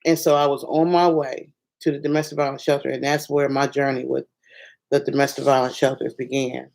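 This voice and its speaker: A woman from Ohio giving a personal testimony as a motivational speaker, telling an emotional story with lively restarts. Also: rumbling low, a little fast, vocal fry. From Ohio, USA. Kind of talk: personal testimony, encouraging talk.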